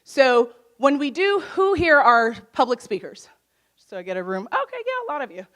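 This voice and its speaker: A loud young woman gives a motivational workshop talk from a conference stage. Her voice sits a bit high, and she laughs easily between points. She keeps turning to the crowd with questions. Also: moderate pace. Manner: lively, laughs often, asks the crowd questions; naturally loud. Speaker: conference speaker.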